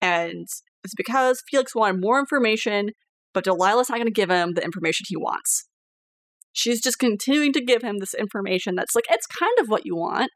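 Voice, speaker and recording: A woman hosting a podcast as game master, chatting casually, animated, swearing freely and laughing often. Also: medium pitch, brisk, no room sound.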